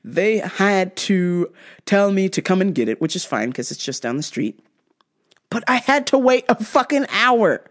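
A woman's voice: medium pitch, very animated, moderate pace. A woman hosting a podcast, ranting bluntly and casually, swearing constantly. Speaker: podcast host. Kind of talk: casual profane rant.

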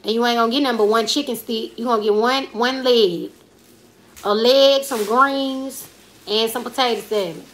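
Reading viewer comments aloud on her live stream, this twenty-something comedian and YouTuber rambles along in casual, slangy talk. She speaks at a normal speed in a fairly high, fairly bright voice.

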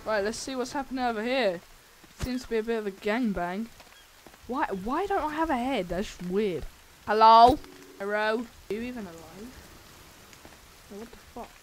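A woman's voice: on the high side, moderate pace, pauses often, a little hiss or hum. Jumpy, foul-mouthed woman gamer. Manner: jumpy, swears a lot, shrieks when startled. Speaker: gaming channel host. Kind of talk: let's play commentary.

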